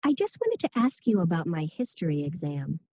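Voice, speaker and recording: A husky-voiced student asking for a favor. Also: female voice, fairly low pitch, wildly swooping pitch, brisk, mellow, no echo, muffled recording, exaggerated voice. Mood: pleading. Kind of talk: textbook listening dialogue.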